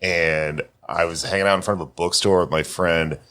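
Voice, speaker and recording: Low-voiced guy on a podcast rambling through a story, lots of "like", laughing a bunch. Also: fairly even intonation, normal speed, fairly bright tone, clean tone. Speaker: podcast host. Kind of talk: casual podcast chat.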